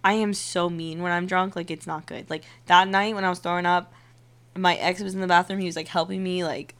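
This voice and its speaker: A young woman in her twenties hosting a podcast, telling stories in casual, animated chat, full of swearing and "like". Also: lowish voice, a little fast. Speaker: podcast host.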